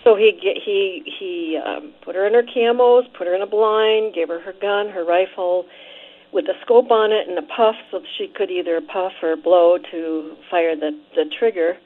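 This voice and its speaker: A woman calls in to a talk radio show and tells her point haltingly, pausing and restarting often. Her voice comes through a thin, tinny phone line. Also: lowish voice. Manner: hesitant, halting, many fillers. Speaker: caller.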